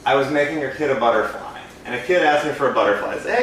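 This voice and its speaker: A man's voice: on the high side, expressive, fast talker. A man co-hosting a podcast, telling casual, self-deprecating stories about his work as an entertainer. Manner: easygoing, self-deprecating anecdotes. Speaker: podcast co-host, balloon entertainer. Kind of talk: casual storytelling chat. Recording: very echoey room, distant mic, faint noise.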